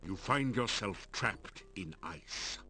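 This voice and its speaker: A man narrating a video game in a dry, measured tone. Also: on the low side, expressive, pushed and bright, soft background music, exaggerated voice. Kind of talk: scripted narration.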